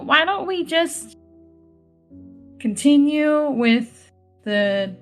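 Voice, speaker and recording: A woman voicing a tearful young woman who speaks softly and tries to hold back her sobs. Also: on the high side. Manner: soft, wavering, trying not to cry.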